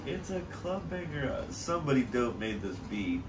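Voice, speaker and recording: A man's voice: medium pitch, sing-song, moderate pace. A man co-hosting a casual reaction chat, easygoing and musing aloud with small restarts. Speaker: reaction video host. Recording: echoey room, distant mic, faint hiss.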